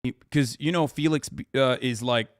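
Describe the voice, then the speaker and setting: A man's voice: mid-range voice, moderate pace, dry recording, clean studio sound. Heated, profane male streamer. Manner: heated, profane, sarcastic rant. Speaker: livestream host. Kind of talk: reacting to a debate clip.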